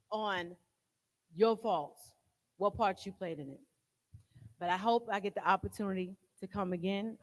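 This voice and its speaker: A woman giving a live recovery testimony in a jail, frank and streetwise, telling her story with profanity. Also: medium pitch. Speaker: guest speaker in recovery. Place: jail hall. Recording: long hall reverb.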